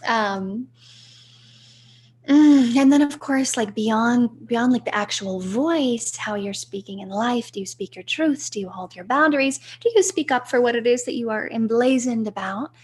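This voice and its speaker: A woman speaking as a podcast guest in a flowing, searching way, with a slight vocal fry. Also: fairly high pitch, normal speed, few pauses. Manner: flowing, spiritual, searching for words. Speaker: guest, voice coach. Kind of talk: podcast interview.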